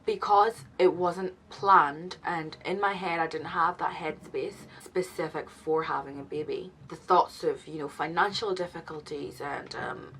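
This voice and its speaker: A young adult woman vlogging a confessional story as a new mother, emotional and halting, with many restarts. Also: on the low side, a bit bright, slight background noise, low-quality recording.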